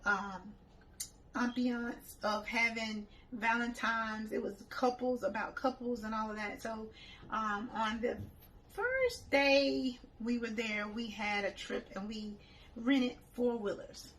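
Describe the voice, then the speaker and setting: A woman's voice: a little high, slow pace, a bit bright, slight background noise, low-quality recording. A woman who organizes group trips, telling a story in a casual, chatty way. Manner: chatty, laughs while retelling.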